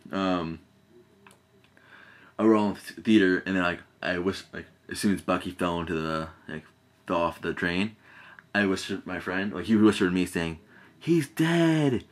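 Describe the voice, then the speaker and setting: A man's voice: low voice, steady tone, normal speed. A man giving a casual, rambling movie review, full of fillers and restarts and often giggling.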